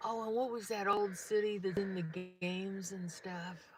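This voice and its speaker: A woman's voice: medium pitch, steady tone, unhurried, noisy background. A woman riding along in a car at night, chatting casually and reading out viewer comments on a livestream. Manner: reads out viewer comments, teasing. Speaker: co-host, passenger.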